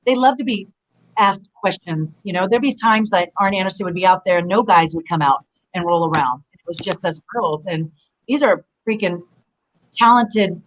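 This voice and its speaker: Woman in her forties, interview guest, rambling animated storyteller, mid-pitched voice, lots of fillers. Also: moderate pace, slight background noise, low-quality recording. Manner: rambling, animated, heavy use of "you know". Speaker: guest, former pro wrestler.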